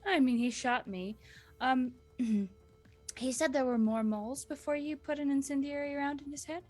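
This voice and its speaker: A woman's voice: high voice, moderate pace, a little mellow, faint music behind. A woman playing in a tabletop role-playing game, thinking aloud hesitantly with fillers while describing her character's actions. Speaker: player.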